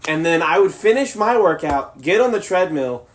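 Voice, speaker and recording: A man near thirty on a casual podcast. His voice sits fairly high. He argues back and laughs through friendly banter. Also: lively intonation, moderate pace, a little hiss or hum. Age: late 20s. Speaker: podcast co-host. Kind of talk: casual chat.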